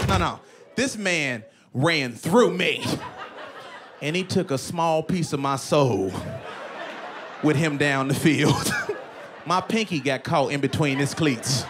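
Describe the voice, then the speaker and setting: Animated male stand-up comic. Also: fairly high pitch, noisy background. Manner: animated, bursts into shouts and laughter. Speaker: stand-up comedian. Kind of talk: stand-up comedy.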